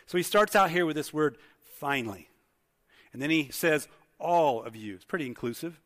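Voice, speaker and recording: The preacher's voice sits on the high side, expressive and fairly bright, moving at a moderate pace. He addresses the congregation in a church hall conversationally with many questions, amid long hall reverb.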